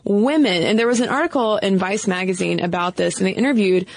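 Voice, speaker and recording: A woman's voice: medium pitch, brisk, gravelly, dry recording. A woman co-hosting a podcast in a casual, chatty way, with frequent fillers and laughs. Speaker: podcast co-host.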